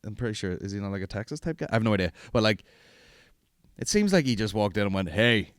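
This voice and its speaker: A low-voiced man in his thirties rambles through a podcast chat, swearing as he goes. His pitch leaps around with lively swings. The sound is close and dry, with no room around it. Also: fast, clear, resonant tone, no echo. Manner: rambling, profane and jokey. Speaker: podcast host. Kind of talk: casual chat.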